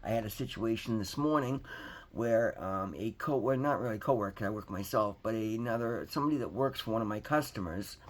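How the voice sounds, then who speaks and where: A man's voice: lowish voice, fairly quick. A man giving an earnest, rambling personal testimony to his viewers, emphatic and calling them guys. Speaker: recovery vlogger.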